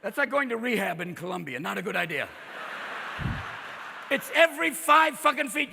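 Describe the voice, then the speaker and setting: A man doing a stand-up comedy set, talking in a manic, rapid-fire way and jumping into shouted character voices in front of a live audience. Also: high voice, big pitch swings, vocal fry, a little hiss or hum. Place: large hall with a live audience. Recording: reverberant live hall, crowd faintly behind.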